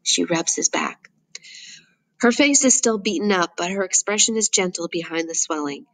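A woman narrating a first-person novel in a steady, measured reading voice. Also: fairly low pitch, low-quality recording. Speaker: audiobook narrator.

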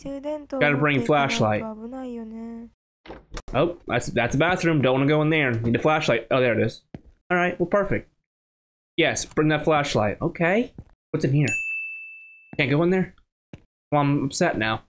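A man's voice: on the high side, lively intonation, normal speed, pauses often, a bit bright. A man from the United States giving chatty, casual commentary while playing a game, thinking aloud with many restarts. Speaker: gaming channel host. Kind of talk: casual let's-play commentary.

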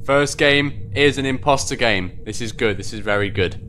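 A man giving excitable live commentary on his own gameplay, quick to get worked up and swear at other players. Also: mid-range voice, a little hiss or hum. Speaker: gaming video host.

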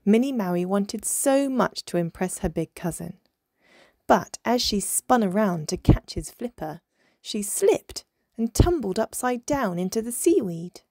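Woman storyteller reading a picture book, slow and very expressive, dry close recording. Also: mid-range voice, creaky, no room sound. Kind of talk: children's picture-book read-aloud.

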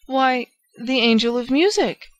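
A cheerful, bedridden old lady talks in a bright, raised voice, fond and gently scolding. A woman reading the audiobook puts her on. Her tone is gay and affectionate. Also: high voice, a little slow, voice pushed up. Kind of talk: audiobook character voice.

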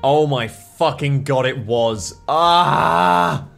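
Animated Australian man commenting on gameplay. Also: medium pitch, moderate pace, soft background music. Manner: animated, swears, exclaims in disbelief. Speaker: gaming YouTuber. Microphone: desk condenser mic, overdriven.

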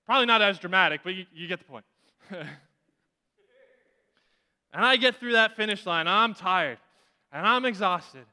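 A man's voice: high-pitched, expressive, normal speed, pauses often, bright, forceful tone, smooth. A man preaching a sermon in a church, telling a story earnestly and often restarting his phrases. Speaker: pastor. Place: church sanctuary. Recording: reverberant church hall.

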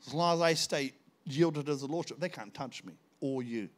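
Preaching a sermon at a normal speed, an older visiting pastor speaks with a voice sitting somewhat high for a man. His storytelling is lively, erupting into shouts as he reenacts the scenes and dialogue.

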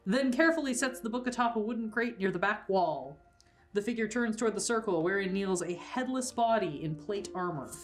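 A woman running a tabletop game as game master, narrating scenes with easy laughs and fillers. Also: medium pitch.

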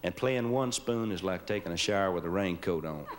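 On a TV studio stage before a live audience, a man hosts a show with folksy, down-home jokes and leads the crowd in chants. His low-pitched voice runs a little fast, and this noisy 1970s live broadcast carries the studio audience's laughter in the background.

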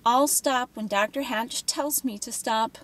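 A woman voicing a cruel teenage girl who taunts and mocks her captive, slow and menacing. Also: a little high, a bit bright, voice pushed up. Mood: smug. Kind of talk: audiobook character voice.

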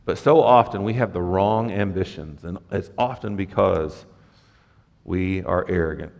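A man preaching a sermon as pastor, conversational and lively, with asides to the congregation. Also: deep voice, measured pace, vocal fry, in a large hall. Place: church sanctuary.

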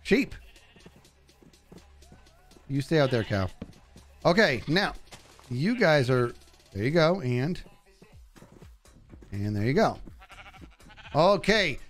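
A man's voice: medium pitch, big pitch swings, slow pace, long pauses, soft background music. A man streaming a game live, chatting casually to his viewers and to the animals on screen. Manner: chatty, talks to animals and chat. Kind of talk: live gameplay commentary.

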